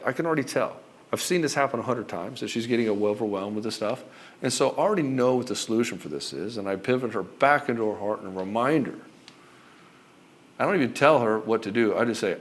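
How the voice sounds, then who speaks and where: A man's voice: medium pitch, a little fast. A middle-aged man coaching husbands on their marriages, talking bluntly with swearing and acting out both sides of conversations. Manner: blunt and profane, acts out both sides of dialogues. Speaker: relationship coach. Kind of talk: direct-to-camera coaching monologue.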